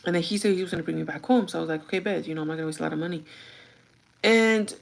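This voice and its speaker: A woman's voice: fairly low pitch, very fast, vocal fry. A young adult woman vlogging in casual chat, rambling through a story with lots of fillers and switching languages mid-sentence.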